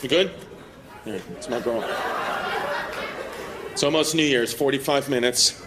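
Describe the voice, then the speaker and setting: A man's voice: mid-range voice, measured pace. A man doing teasing, brash crowd work as a stand-up comedian on a club stage, laughing along at his own jokes. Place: club stage with live audience. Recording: live club audio with crowd and noise. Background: audience laughter.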